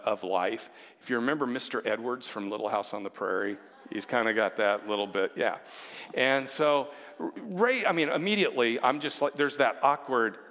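A man's voice: mid-range voice, fairly bright tone. Chatty man telling a story in a hall. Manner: chatty, self-deprecating, with many asides. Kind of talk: personal storytelling to an audience. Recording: long hall reverb.

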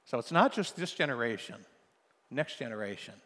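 An older man preaching a sermon as pastor, moving from soft storytelling to loud, emphatic exhortation. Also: mid-range voice, big pitch swings, fairly quick. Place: church sanctuary. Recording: long hall reverb.

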